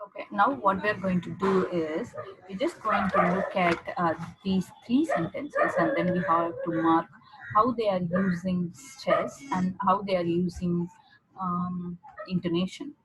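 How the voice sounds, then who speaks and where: A woman's voice: on the low side, a little slow, heavy background noise. Woman tutor explaining, repeating phrases. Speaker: English exam tutor. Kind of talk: online speaking lesson.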